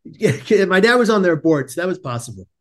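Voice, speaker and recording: A man in his forties speaks animatedly as a podcast guest. His voice sits a little high, and he laughs often as he recounts his story, restarting sentences along the way. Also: sing-song, a little fast. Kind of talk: personal storytelling.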